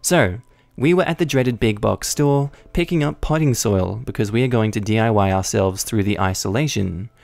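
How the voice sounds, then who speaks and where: A man narrating online stories in a scripted, wry, deadpan comic style. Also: lowish voice, normal speed, creaky. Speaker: story narrator.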